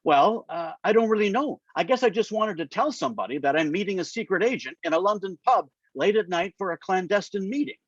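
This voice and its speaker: A man's voice: high-pitched, lively intonation, a little fast, few pauses, slightly rough, no echo, pitched above the performer's own voice. A man reading as a nervous, earnest young aide. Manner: eager, self-conscious. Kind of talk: reading aloud from a novel. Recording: muffled lo-fi dry sound.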